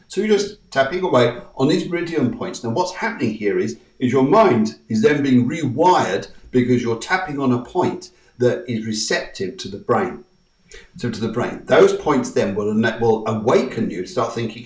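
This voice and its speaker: A man hosts a live-streamed spiritual show and leads listeners through tapping affirmations in a soft, coaxing way. He sits some distance from the mic, so his voice carries a roomy echo. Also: mid-range voice, lively intonation, moderate pace. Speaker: host.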